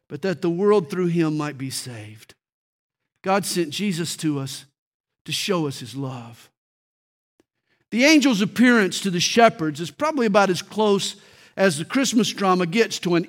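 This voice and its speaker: A man's voice: high-pitched, a bit bright. A man preaching a Christmas sermon, telling stories dramatically and shifting his tempo.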